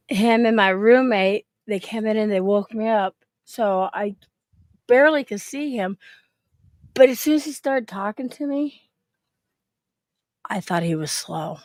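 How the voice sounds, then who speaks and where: A woman's voice: medium pitch, a little mellow, dry recording. A middle-aged woman telling stories in casual chat, laughing often and swearing freely.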